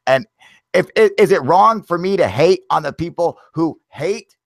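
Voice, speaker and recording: A man's voice: on the high side, animated, normal speed, creaky, dry recording. A man hosting a casual talk show, ranting in a profane and emphatic way. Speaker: podcast host.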